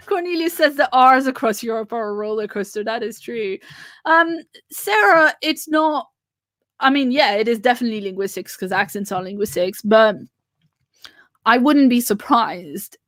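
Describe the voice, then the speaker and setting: A woman's voice: on the high side, normal speed, a bit bright, no room sound, studio quality. A woman with a French accent, a native French speaker, hosting a livestream in a rambling, casual chat full of fillers and restarts, talking from home on a webcam. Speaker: livestream host.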